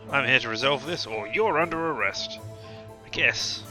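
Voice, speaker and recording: A man's voice: mid-range voice, expressive, moderate pace, pushed and bright, faint music behind, rough recording. A man streaming a game, making wry, joking comments and reading choices aloud.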